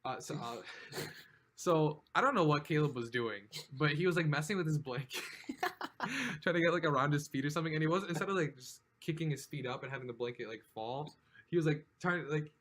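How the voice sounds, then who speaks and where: A man's voice: fairly high pitch, lively intonation, a little fast, a bit bright. A man co-hosting a casual podcast, telling a long, rambling story with frequent laughs and lots of "like". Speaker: podcast co-host. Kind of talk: casual chat.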